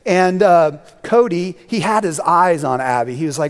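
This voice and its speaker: A man's voice: on the high side, animated, normal speed, few pauses, clear, resonant tone. A man preaching a sermon as a guest speaker, telling stories in a loose, conversational way with many fillers. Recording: long reverb of a church hall.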